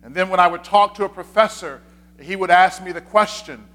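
Pastor, male, high-pitched, easy conversational preaching with repeated points. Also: fairly even intonation, fairly quick, pushed and bright. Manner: conversational, repeats key points, frequent "uh" fillers. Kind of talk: sermon.

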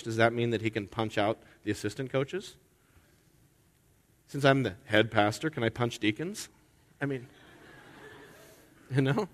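A man preaching a sermon as head pastor during a worship service, talking conversationally and throwing in rhetorical questions and asides. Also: medium pitch. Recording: long reverb of a large hall.

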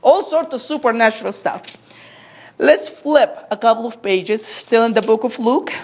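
A woman's voice: fairly high pitch, lively intonation, normal speed, a little mellow, breathy edge. A woman preacher delivering a sermon, asking rhetorical questions and drawing the congregation in with call-and-response.

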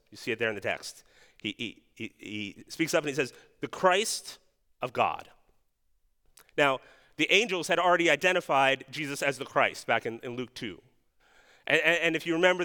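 A man's voice: a little high, bright, forceful tone. A man preaching a sermon as pastor, earnest and questioning, often restarting his words. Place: church sanctuary. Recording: long hall reverb.

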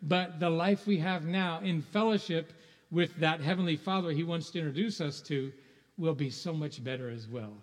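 His voice is on the high side and moves at a normal speed. Preaching in a conversational manner, the pastor asks rhetorical questions and chuckles now and then, all captured with long hall reverb in a church sanctuary.

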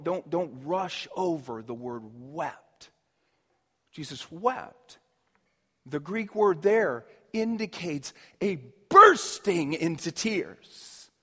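Male pastor, high voice, slow and deliberate delivery, passionate sermon with hushed drops, long hall reverb. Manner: impassioned, swings from loud emphasis to hushed near-whisper.

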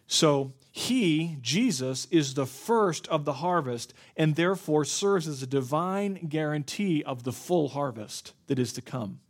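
A man preaching an expository sermon as pastor of a church, earnest and explanatory, with frequent fillers and restarts. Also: fairly high pitch.

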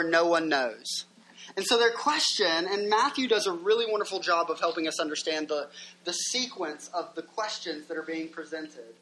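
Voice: medium pitch, bright, forceful tone. A pastor preaching a sermon in a conversational way, asking the listeners questions and reading passages aloud.

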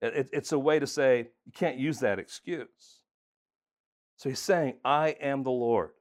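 A man's voice: medium pitch, measured pace. A man preaching a sermon as pastor, earnest and emphatic, talking conversationally with fillers and restarts.

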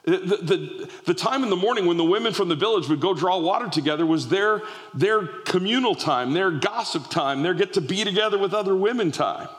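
A male preacher tells a story in an animated sermon, often restarting his phrases. His voice sits fairly high for a man. A long reverb tail from a large hall follows his words. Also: brisk, hardly any pauses.

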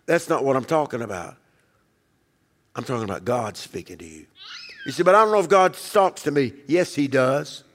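A man preaching a sermon as pastor, emphatic, acting out quoted voices and dropping low to quiet passages. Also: animated, normal speed, in a large hall.

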